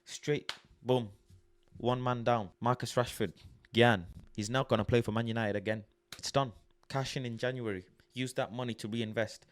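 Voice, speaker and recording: A man's voice: mid-range voice, fairly even intonation, moderate pace, dry recording. A young man ranting bluntly about his football club in casual slang, swearing and exasperated as he reads out quotes. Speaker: football fan vlogger. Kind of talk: casual rant reading out quotes. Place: home at night.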